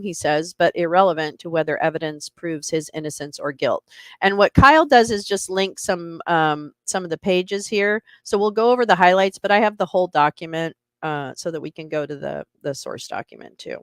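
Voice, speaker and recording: A woman's voice: fairly low pitch, dry recording. A woman hosting a casual livestream from home, chatting with viewers and laughing often. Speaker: livestream host.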